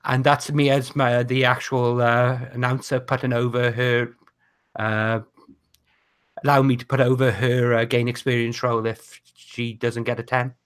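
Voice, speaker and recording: A man's voice: medium pitch, level tone, a little slow, clear, resonant tone. A man playing a tabletop game, laying out his character's actions step by step. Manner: describing his moves step by step. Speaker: player. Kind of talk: casual tabletop game play.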